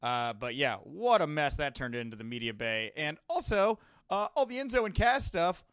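A young man hosting a podcast, telling rambling, animated anecdotes in a casual monologue. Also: fairly high pitch, moderate pace, clean tone, dry recording, clean studio sound. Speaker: wrestling podcast host.

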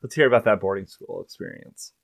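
Male co-host, low voice, dry and gently teasing. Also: lively intonation, quick pace, creaky, dry recording. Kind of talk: casual podcast chat.

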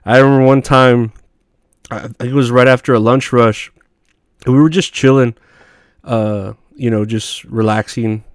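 A man spins loose, profanity-laced stories in an offhand monologue, laughing at his own punchlines. His voice comes across smooth and clean, with a dry, close sound and no room around it. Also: medium pitch, steady tone, moderate pace, dry recording. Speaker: podcast host. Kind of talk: casual storytelling monologue.

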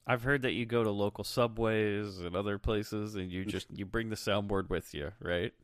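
A man's voice: fairly low pitch, fairly even intonation, normal speed, clean tone, no room sound, clean studio sound. A man guesting on a podcast, goofing around and teasing the host in casual chat over an online call. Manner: goofy, teasing banter.

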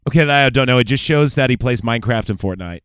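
A man's voice: medium pitch, quick pace, a bit bright, smooth, no room sound. A man co-hosting a casual podcast, ranting crudely and getting worked up. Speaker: podcast host. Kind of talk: casual banter.

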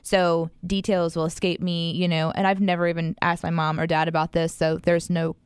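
A woman's voice: on the low side, level tone, normal speed, clear, resonant tone, no echo, clean studio sound. Rambling woman telling personal stories. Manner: rambling, many fillers, laughs often. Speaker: guest sharing her story. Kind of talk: casual personal storytelling.

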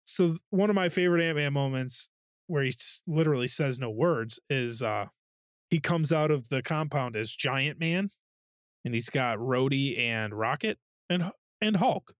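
Telling stories with swearing and sound effects, this podcast co-host keeps the chat casual. He has a medium-pitched, animated voice at normal speed, recorded in studio quality with no echo.

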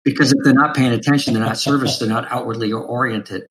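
A man hosting an interview, talking in an energetic, animated way as he tells his own hiring stories. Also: medium pitch, fast. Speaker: podcast host. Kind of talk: casual interview chat.

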